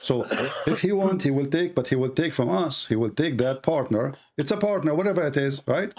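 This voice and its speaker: A man's voice: on the high side, expressive, brisk, darkish tone. Guy arguing hard, keeps repeating himself, cuts in a lot. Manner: insistent, repetitive, interrupting. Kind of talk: heated religious debate.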